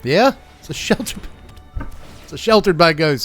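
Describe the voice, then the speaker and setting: A man's voice: on the high side, lively intonation, moderate pace, long pauses, a bit bright, faint music behind. A man hosting a card game channel, giving wry, joking gameplay commentary and chuckling often.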